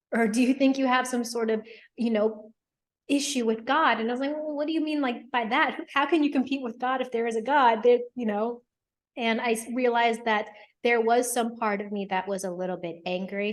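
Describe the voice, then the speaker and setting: A woman in her thirties, an attorney and hypnotherapist, earnestly telling her personal story in a thoughtful, reflective interview. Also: medium pitch. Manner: earnest, thoughtful, with frequent ums and quoted inner thoughts.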